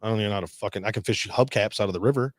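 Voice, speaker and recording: A man's voice: lowish voice, racing, a little hiss or hum. A man from Detroit telling war stories casually as a guest, swearing and laughing often. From Detroit, Michigan. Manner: profane, laughing, animated quoting. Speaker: veteran guest. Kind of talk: casual storytelling.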